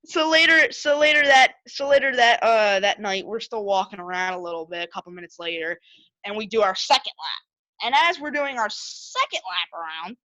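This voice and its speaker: A man with a high, bright voice tells an excited fan story, piling up repeated words and acting out his own quotes. The sound is dry and close. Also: no room sound, low-quality recording. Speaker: interviewed concert fan.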